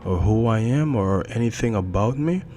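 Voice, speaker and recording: A man's voice: lowish voice, animated, normal speed, dark tone, a little hiss or hum, pitched above the performer's own voice, lightly acted. A man playing a stammering, frightened man. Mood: nervous. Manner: stammering, repeats words nervously. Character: frightened confused man with no memory.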